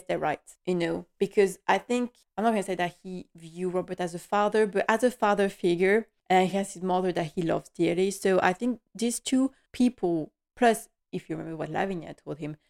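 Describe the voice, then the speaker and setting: A woman's voice: medium pitch, moderate pace, a little mellow. A woman giving a casual, chatty, gushing recap of a television episode, often laughing as she talks. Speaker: TV recap vlogger.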